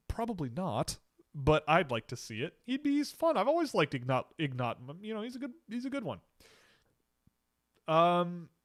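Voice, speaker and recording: A man with a Canadian accent hosting a casual livestream, answering chat questions in a relaxed way and thinking aloud as he goes. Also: medium pitch, dry recording, studio quality.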